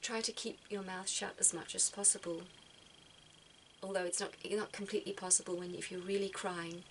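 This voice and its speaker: Soft-spoken woman giving gentle advice. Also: medium pitch, fairly even intonation, moderate pace, a little hiss or hum, poor audio. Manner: soft-spoken, repeats words as she thinks. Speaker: spiritual vlogger giving advice. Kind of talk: gentle reflective talk.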